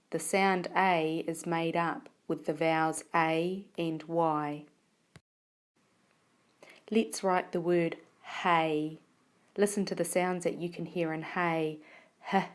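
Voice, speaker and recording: A woman teacher giving a phonics lesson, sounding out words slowly and carefully. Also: deep voice. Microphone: tablet recording.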